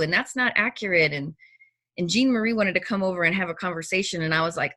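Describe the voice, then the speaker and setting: Animated woman telling a story, bright voice. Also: medium pitch, fast. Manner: animated, acts out her own reactions in quotes. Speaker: storyteller in a personal conversation. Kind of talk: casual chat.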